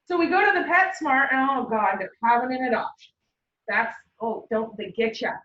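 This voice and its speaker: A woman instructor lectures to a class, slipping into personal anecdotes and laughing easily. Her voice sits fairly high and comes across chatty and animated. The recording is dull and roomy, picked up from across the classroom. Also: normal speed. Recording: roomy, dull sound from a distant mic.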